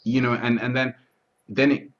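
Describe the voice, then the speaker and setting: A man talking through his thoughts in a relaxed, reflective conversation, often restarting and asking whether he is understood. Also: medium pitch, moderate pace. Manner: repeats words, restarts often, asks "you see what I'm trying to say". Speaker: interview guest. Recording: dull lo-fi audio.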